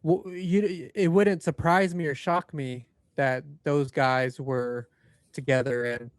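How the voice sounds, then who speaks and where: A man's voice: on the high side, fairly even intonation, slow pace, no echo, clean studio sound. A man co-hosting a paranormal podcast, chatting casually and rambling through loose asides. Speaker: podcast co-host. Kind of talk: casual chat.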